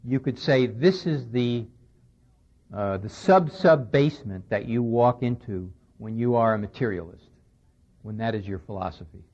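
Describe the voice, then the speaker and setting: A medium-pitched male voice, a bit mellow and at an ordinary pace, delivers a conversational lecture. He relays a conversation with emphasis, captured on a dull, lo-fi 1990s radio recording.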